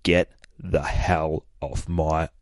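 A man reading out a stern, defiant male mutant leader in a raised, slow, emphatic way, recorded dry and close. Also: very deep voice, little pitch movement, no echo, heavily acted.

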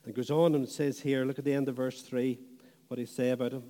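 A man preaching a sermon, slow and deliberate, letting phrase ends fall away softly. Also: mid-range voice, level tone. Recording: long hall reverb.

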